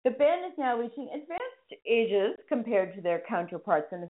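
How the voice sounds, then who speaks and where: Woman radio host with a Boston accent, lively pitch, self-mocking and chatty, phone-line sound. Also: moderate pace. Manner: chatty, self-mocking, spells names aloud. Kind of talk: casual radio presenting.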